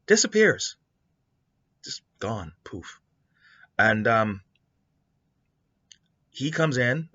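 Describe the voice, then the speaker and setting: A man with a very low but bright, forceful voice tells a story pitch in a loose, rambling style. The sound is dull and lo-fi. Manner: rambling, with many fillers and restarts. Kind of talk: casual spoken story pitch. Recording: dull lo-fi recording.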